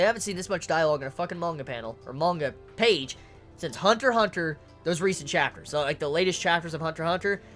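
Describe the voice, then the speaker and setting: In a casual video, someone reviewing manga goes on an excited rant full of swearing and stuttered repetitions, speaking at a medium pitch.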